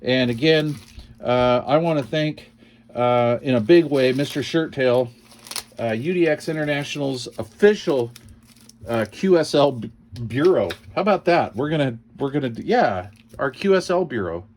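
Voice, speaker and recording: Casual man, mid-pitched, rambling and wisecracking, reads codes aloud, unscripted hobby vlog feel. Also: animated, normal speed, darkish tone, a little hiss or hum. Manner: rambling, jokey, reads call signs aloud. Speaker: CB radio hobbyist vlogger. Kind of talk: casual unboxing chat.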